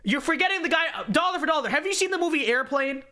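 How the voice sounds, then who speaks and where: A young man hosting a casual livestream, reading viewer donations aloud in an animated, joking way with frequent restarts. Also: extremely high pitch, fast. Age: young adult. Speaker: show host.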